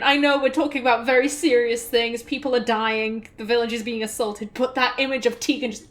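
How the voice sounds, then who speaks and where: A chatty woman narrating her own video game playthrough, casual and rambling and full of fillers. Her voice sits a little high and sounds natural and conversational. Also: fairly even intonation, fairly quick, hardly any pauses. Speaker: let's play host.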